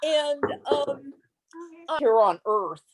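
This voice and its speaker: A woman guest in an interview, gentle and hesitant, pausing with fillers as she recounts a spiritual experience. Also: high voice, expressive, rough recording. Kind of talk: interview answers.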